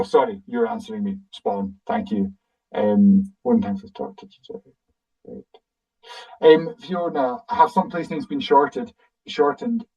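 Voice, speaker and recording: A man's voice: a little high, mellow, recorded from a distance, highs cut off. A man with a Scottish accent, a guide explaining things casually in a webinar and thinking aloud as he answers audience questions over a video call.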